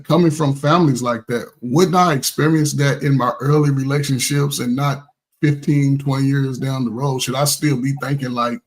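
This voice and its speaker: A man's voice: medium pitch, steady tone, normal speed, rough recording. A man speaking bluntly as a panelist in a casual discussion and laughing often.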